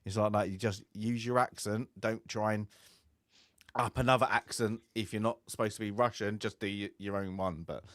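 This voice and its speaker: Low-voiced man chatting, laughing easily. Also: fairly even intonation, normal speed, a bit bright, no room sound, studio quality. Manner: rambling, laughs often between phrases. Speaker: film podcast co-host. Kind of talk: casual chat.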